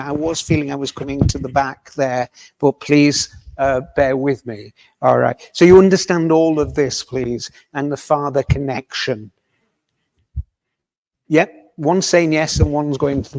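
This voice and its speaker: A man working as a medium in a village hall, talking gently and tentatively to a member of the audience and often checking that what he says makes sense. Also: medium pitch.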